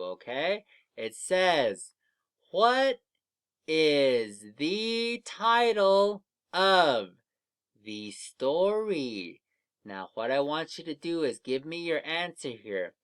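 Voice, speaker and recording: A man teaching young children to read, leading slow, patient drills of letter sounds for an online lesson. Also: fairly high pitch, a bit bright.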